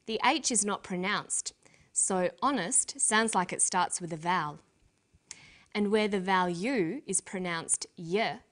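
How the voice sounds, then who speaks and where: A woman hosts a scripted English-language lesson. She explains grammar rules in a clear, deliberate way, slowing down to say example words. Her voice sits at a middle pitch. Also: a bit bright. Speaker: English teacher and presenter. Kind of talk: scripted educational presenting.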